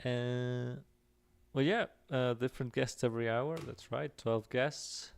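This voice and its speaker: A man hosting a casual stream chat, joking and laughing often, with halting restarts. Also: mid-range voice, fairly even intonation, vocal fry, clean tone. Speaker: stream host.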